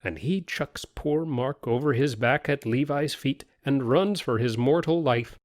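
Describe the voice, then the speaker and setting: A man's voice: medium pitch, a little slow, dry recording, studio quality. A man narrating a story aloud in a folksy, rustic dialect. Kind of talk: storytelling reading.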